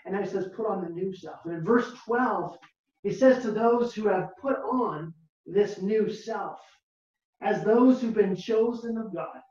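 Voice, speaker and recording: A pastor preaching a sermon slowly and emphatically, repeating key words and asking the listeners rhetorical questions. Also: mid-range voice, a little mellow. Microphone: video call, far from the mic. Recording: very echoey, distant, dull lo-fi video call audio.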